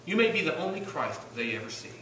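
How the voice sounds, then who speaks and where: A man's voice: a little high, very animated, fast, a bit bright, slight background noise. A man from Virginia with a Southern accent preaching a sermon, emphatic, with rhetorical questions to the congregation. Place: church sanctuary. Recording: roomy church recording from some distance.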